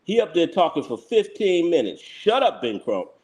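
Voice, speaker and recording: A man's voice: a little high, sing-song, moderate pace, darkish tone. A man with a Philadelphia accent, hosting a live reaction stream, bluntly ranting and scolding his chat. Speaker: livestream host.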